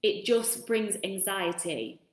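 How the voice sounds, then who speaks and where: Slow but animated, with a medium-pitched voice, a woman runs a casual self-help live stream. She talks freely, drops in friendly asides, and greets viewers as they arrive, her words echoing around the room.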